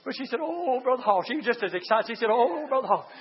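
A man preaching a fiery sermon, moving from quiet storytelling to high shouted exhortation. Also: lively intonation, fast talker. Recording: dull lo-fi church recording.

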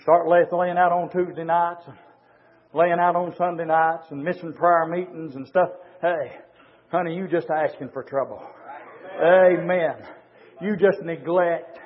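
A middle-aged man preaching a fervent sermon as pastor, hollering with sudden loud rises. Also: on the high side, steady tone, unhurried, big-room sound. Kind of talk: fiery sermon. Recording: tinny, phone-like lo-fi recording.

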